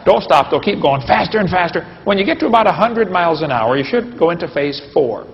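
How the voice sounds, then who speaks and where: A man with a somewhat high, gravelly voice lectures a live crowd on creation science, very animated and quick, cracking folksy jokes and asking questions throughout. A long hall reverb rings through the dull, lo-fi recording.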